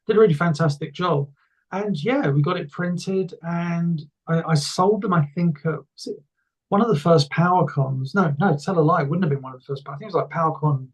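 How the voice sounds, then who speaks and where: Guy rambling excitedly in an interview, kinda husky, lots of restarts. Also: on the high side, fairly quick. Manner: rambling, enthusiastic storytelling with many restarts. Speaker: interview guest. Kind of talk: casual conversation.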